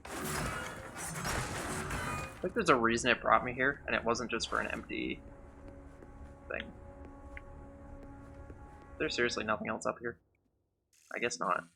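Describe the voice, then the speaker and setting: A man's voice: medium pitch, unhurried, gravelly, pauses often, sharp tone, soft background music. A man giving casual gameplay commentary during a speedrun, chatty, sarcastic and rambling.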